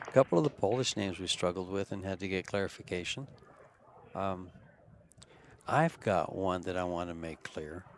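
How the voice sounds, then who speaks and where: A man commentating on pool, relaxed and chatty, chuckling as he tells stories. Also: low voice, moderate pace, a little hiss or hum. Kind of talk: live sports commentary, chatty.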